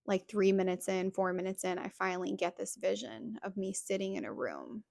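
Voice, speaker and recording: A woman's voice: mid-range voice, animated, a little fast, gravelly, a little mellow, dry recording. A young adult woman hosting a podcast, telling a personal story in a chatty way full of fillers. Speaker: podcast host.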